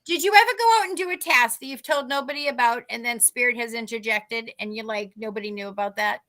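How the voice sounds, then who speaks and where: A woman co-hosting a podcast, telling a story in a lively, chatty way and acting out the dialogue. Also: on the high side, fast talker. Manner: animated, acts out quoted dialogue. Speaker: podcast co-host. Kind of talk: casual storytelling.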